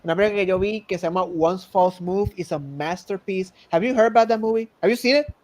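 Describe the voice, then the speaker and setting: A Puerto Rican man co-hosting a podcast, talking casually about films and switching between Spanish and English as he jokes. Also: high voice. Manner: switches between Spanish and English mid-sentence, quick and joking. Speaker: podcast co-host. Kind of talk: casual film chat.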